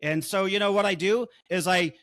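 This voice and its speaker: A man's voice: sits high, fairly even intonation, moderate pace, a bit bright, dry recording, studio quality. A man co-hosting a podcast, blunt and openly emotional, swearing as he vents. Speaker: podcast co-host. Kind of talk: heated casual podcast chat. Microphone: desk-mounted microphone.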